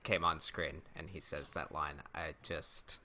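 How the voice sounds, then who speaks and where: Man, low voice, sharp bright tone, casual podcast chat, trails off. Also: steady tone, moderate pace. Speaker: podcast co-host.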